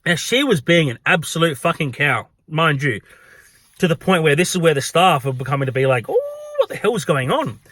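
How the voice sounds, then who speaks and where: Animated, swearing Australian man. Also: fairly high pitch, brisk, dry recording. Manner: animated, profane, gossipy. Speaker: pub worker. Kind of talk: storytelling vlog.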